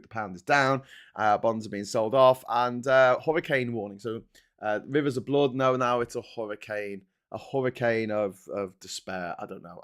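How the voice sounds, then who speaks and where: A man's voice: medium pitch, fairly bright tone. Sarcastic man reviewing headlines. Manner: sarcastic and exasperated, breaking into laughter. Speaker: host. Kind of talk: casual commentary on newspaper front pages.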